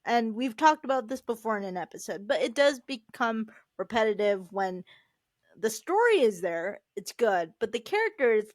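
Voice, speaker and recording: A woman co-hosting a podcast, chatting casually in an animated way, laughing often and swearing freely. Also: on the high side, normal speed, no room sound, studio quality. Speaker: podcast co-host. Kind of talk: casual chat.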